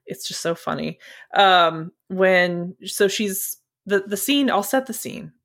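A woman's voice: medium pitch, expressive, takes it slowly, fairly bright tone. A woman co-hosting a casual movie podcast, retelling a scene in a chatty, laughing, sweary way. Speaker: podcast co-host.

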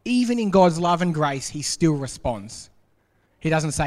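A man preaching a sermon as pastor, acting out quoted voices and dropping to a hush for emphasis. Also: a little high, a little slow. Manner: animated, acts out quoted voices, drops to quiet for emphasis. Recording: long hall reverb.

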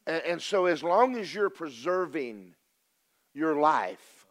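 A man's voice: on the high side, expressive, slow pace. An older man with a drawl delivers a homespun sermon from the pulpit. He tells his story plainly and shifts from ringing emphasis down to near-whispered asides. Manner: folksy and storytelling, swinging from loud to hushed. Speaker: preacher.

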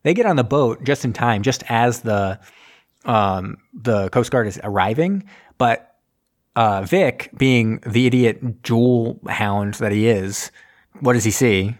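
A man in casual chat, recapping a film plot and acting out the characters' lines in quick voices. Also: medium pitch, expressive. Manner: rambling, acts out scenes in quick voices. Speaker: podcast host recapping a film.

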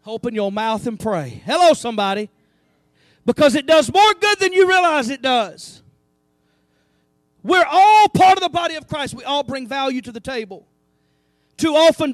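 A man preaching a sermon to his church, animated, breaking into asides and calling out to the congregation. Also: very high-pitched, moderate pace, pauses often, dry recording, studio quality. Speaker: pastor. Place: church sanctuary.

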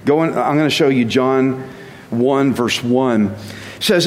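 A Bible teacher with a mid-range voice gives a casual sermon a little slowly, conversational and self-deprecating, chuckling at himself now and then. Long reverb surrounds the recording.

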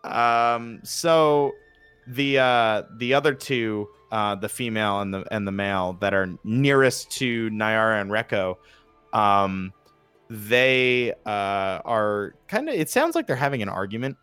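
A man's voice: fairly low pitch, expressive, unhurried, fairly bright tone, clean tone, dry recording, soft background music. A man with a New Jersey accent running a tabletop game as game master, chatty and laughing, with lots of fillers.

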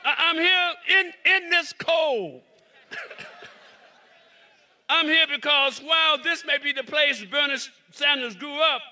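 A man from South Carolina with a Southern drawl, a reverend and lawmaker giving a preacherly rally speech outdoors in the cold. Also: very high voice. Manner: preacherly, repeating himself, shouting. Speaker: reverend and state representative.

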